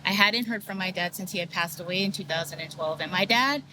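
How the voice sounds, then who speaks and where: An American woman, a sound healer, appears as a guest on a video podcast set and shares her personal story earnestly and frankly, using lots of fillers. Her voice is on the low side and she speaks fast over a noisy background.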